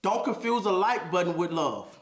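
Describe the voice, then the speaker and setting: A man's voice: high-pitched, expressive, normal speed. A man hosting a podcast, giving an emphatic motivational monologue and repeating phrases for emphasis. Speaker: podcast host. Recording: echoey room.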